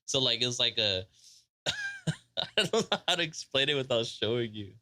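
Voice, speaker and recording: A young man chatting with friends, telling anecdotes in halting bits and repeating himself. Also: mid-range voice, wildly swooping pitch, bright, forceful tone. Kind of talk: casual chat among friends.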